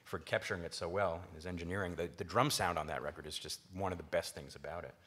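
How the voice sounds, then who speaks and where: Male moderator, very low voice, eager questions with restarts. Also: steady tone, fairly bright tone. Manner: halting, enthusiastic questioner. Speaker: panel moderator. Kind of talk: moderating a panel discussion.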